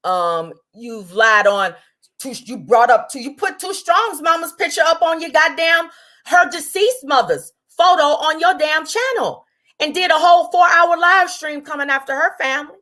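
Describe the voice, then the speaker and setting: A woman with a high voice hosts a livestream and tears into a rival. She is combative and profane, dragging some words out and rushing others. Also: expressive, pushed and bright. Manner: combative, profane, drawn out then rushed. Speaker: livestream host. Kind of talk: angry livestream rant.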